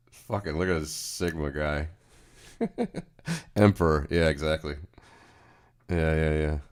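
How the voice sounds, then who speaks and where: A man's voice: very deep voice, takes it slowly, pauses often, fairly bright tone, clear, resonant tone, soft background music. A man hosting a casual livestream, chatting in a rambling, profane way. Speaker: livestream host.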